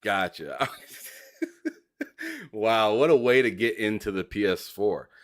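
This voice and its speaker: Low-voiced man hosting, laughing often. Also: slow pace. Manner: laughs often, stammers and restarts. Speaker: podcast host. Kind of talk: casual interview chat.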